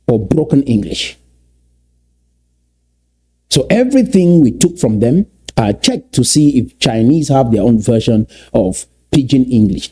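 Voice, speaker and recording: A man's voice: medium pitch, mellow, slightly rough. A man from Cameroon giving lecture-style commentary, emphatic and repetitive, drawing out words to stress his points. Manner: emphatic, repeats key phrases, stretches words for stress.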